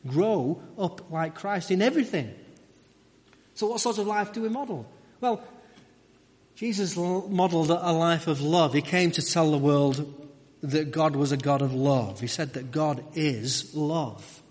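Preacher in an echoing hall. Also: male voice, fairly high pitch, unhurried, a little mellow, husky. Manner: conversational, frequent restarts and asides. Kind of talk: sermon.

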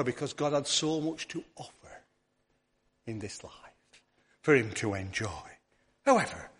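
A man preaching a sermon, earnest, often repeating words and restarting, dropping softly on key words. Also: fairly high pitch. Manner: drops to a soft near-whisper on key words.

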